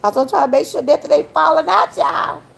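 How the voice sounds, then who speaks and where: A woman's voice: high voice, fast, creaky, a little hiss or hum. An older woman, hosting a casual livestream, chatty and laughing often as she talks straight to her viewers. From Georgia, US. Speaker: livestream host.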